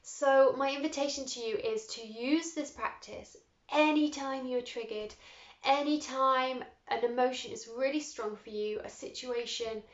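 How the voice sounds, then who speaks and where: Woman, guided meditation teacher, slow soothing instructions, sighing exhales, fairly high voice, roomy, slightly muffled sound. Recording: roomy, slightly dull recording.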